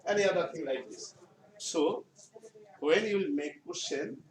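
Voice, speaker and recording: A male teacher with a Bangladeshi English accent giving a classroom grammar lesson, speaking slowly and repeating his phrases. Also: on the high side, lively intonation. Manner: slow, repetitive explaining, often restating phrases. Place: school classroom. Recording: echoey room, far mic, noisy background.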